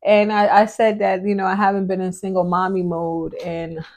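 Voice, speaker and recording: A pregnant family vlogger in her thirties sits down with her husband for a candid, chatty talk, sprinkling in lots of "like." Her medium-pitched voice stays fairly flat, a little mellow, at a moderate pace, and she often sounds out of breath.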